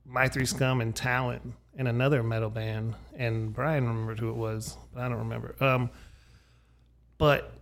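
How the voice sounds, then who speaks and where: A man hosting a podcast, chatting casually and telling animated stories from his past. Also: medium pitch, normal speed. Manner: storytelling, animated retellings. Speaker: podcast host. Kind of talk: casual conversation. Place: his mother's house.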